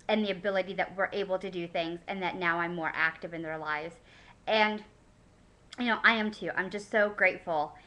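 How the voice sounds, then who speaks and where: A woman in her thirties records a personal video diary, talking in a chatty, heartfelt way. She rambles with lots of fillers and restarts. Her voice is bright and clear. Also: medium pitch, rough recording. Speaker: vlogger.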